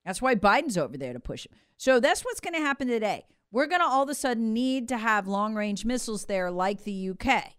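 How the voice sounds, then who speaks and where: Woman ranting political commentary, higher voice, dry close sound, sarcastic. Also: sing-song, a little fast, hardly any pauses, smooth, no room sound. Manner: emphatic, sarcastic, acts out quoted voices. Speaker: commentary host. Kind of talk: opinionated political commentary monologue.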